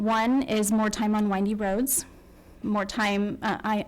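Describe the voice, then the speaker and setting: Woman parent at school board mic, fairly high voice, near tears, halting and apologetic. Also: rough recording. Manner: emotional, tearful, apologetic, halting with many ums. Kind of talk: public comment.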